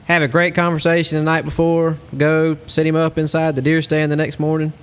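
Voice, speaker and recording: A man, a hunting lodge guide, telling a story in a casual, animated way. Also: on the high side, fairly quick, clean tone. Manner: animated storyteller, Southern-style speech.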